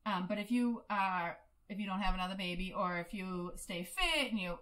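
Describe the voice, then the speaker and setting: A woman in her thirties, chatting casually as a podcast co-host, explaining facts and telling lively stories. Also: medium pitch, normal speed. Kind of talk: casual chat.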